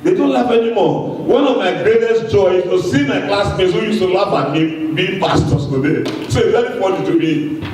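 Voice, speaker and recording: A man preaching a sermon with excitement, swinging between booming shouts and low asides, often laughing. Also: a little fast, a little hiss or hum. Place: church sanctuary. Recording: very echoey, from far off the mic.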